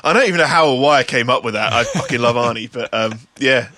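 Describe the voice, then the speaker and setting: A man's voice: medium pitch, fast talker, bright, forceful tone, dry recording. A man hosting a casual podcast chat, laughing often, swearing freely and rambling through asides. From United Kingdom. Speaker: podcast host.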